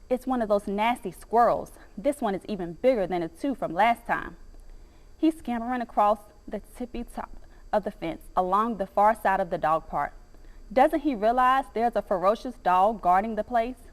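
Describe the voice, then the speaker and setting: A woman reading a children's audiobook in an expressive, dramatic first-person storytelling manner. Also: on the high side. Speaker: narrator.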